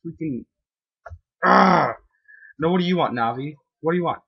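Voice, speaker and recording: A man talks through a video game he's playing, excitable and quick to whoop or yell at it. His husky voice swings widely in pitch. The recording sounds dull and lo-fi. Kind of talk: let's-play commentary.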